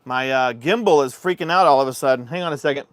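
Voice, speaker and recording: A man with a medium-pitched voice talks fast as he hosts a livestream with no room sound. His manner is easygoing and chatty as he goes through viewer comments, addressing the audience as "y'all."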